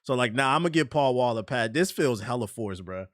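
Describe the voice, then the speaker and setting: A man's voice: mid-range voice, lively intonation, a little fast, a bit bright, no echo, studio quality. A man streaming his reactions to music, blunt and incredulous, swearing freely as he talks. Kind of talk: casual reaction commentary.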